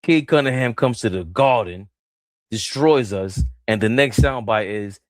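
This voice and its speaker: A man co-hosting a casual basketball talk show, animated and joking, laughing in the middle of his sentences. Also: a little slow, no room sound. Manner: animated, laughs mid-sentence, swings between loud and low. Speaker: co-host.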